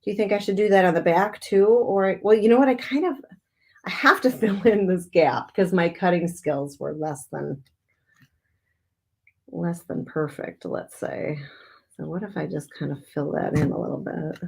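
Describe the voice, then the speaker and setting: A middle-aged woman hosting a live craft stream, chatting brightly, laughing often and reading out viewer comments as she works. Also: on the low side, moderate pace, creaky, breathy edge. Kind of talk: casual live-stream chat while crafting.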